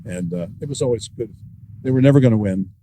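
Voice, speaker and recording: A man, an author guest, telling wry anecdotes with dry humor in a relaxed storytelling style. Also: medium pitch, fast, slight background noise, rough recording.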